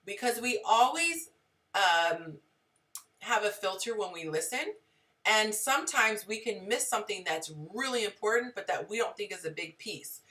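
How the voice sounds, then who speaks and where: A woman's voice: medium pitch, lively intonation, normal speed, sharp tone, recorded from a distance. A woman hosting a live relationship advice stream, talking conversationally and greeting viewers in the chat.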